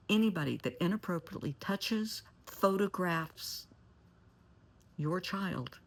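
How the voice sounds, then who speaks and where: A woman's voice: lowish voice, husky. A woman therapist recounting a client story and giving blunt, candid advice. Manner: candid, blunt, shifts to forceful warnings.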